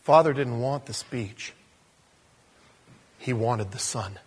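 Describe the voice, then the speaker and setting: A man preaching a conversational sermon, swinging between loud emphasis and soft asides. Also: medium pitch, slow pace, breathy edge.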